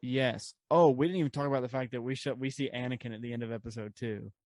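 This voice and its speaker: A man's voice: mid-range voice, steady tone, quick pace, darkish tone, no room sound. A man co-hosting a podcast in casual chat, rambling with lots of fillers and laughs. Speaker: podcast co-host.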